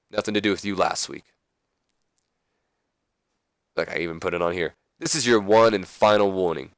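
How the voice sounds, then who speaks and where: A man's voice: lowish voice, fairly bright tone, no echo, studio quality, natural voice. A man voicing a menacing male wrestler making crude threats.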